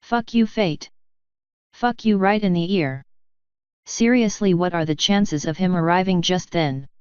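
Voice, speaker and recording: Woman doing sarcastic guarded male hero, fan fiction audiobook, low smooth voice, dull lo-fi sound. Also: unhurried, darkish tone, dry recording, close to an everyday voice. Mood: exasperated. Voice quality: sarcastic, exasperated.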